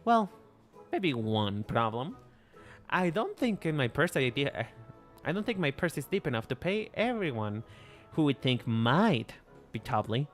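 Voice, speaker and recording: A man's voice: medium pitch, big pitch swings, a little slow. A man casually reading the lines of an eager, bold young woman adventurer, tripping over words at times. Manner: reading game dialogue aloud with stumbles. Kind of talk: casual dialogue read-along. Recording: faint background music.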